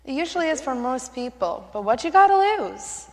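A reassuring friend, played by a woman in a skit, steady and matter-of-fact with a fairly high voice. The sound hangs in a hall with long reverb. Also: normal speed. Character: patient friend urging prayer.

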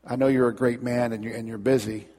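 A meek old shopkeeper, as a man puts him on, asking things hesitantly and deferentially. His voice is slightly husky, and it echoes around a long hall. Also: mid-range voice, flat delivery, quick pace, darkish tone, natural voice. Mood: timid. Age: older. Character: timid old male shopkeeper.

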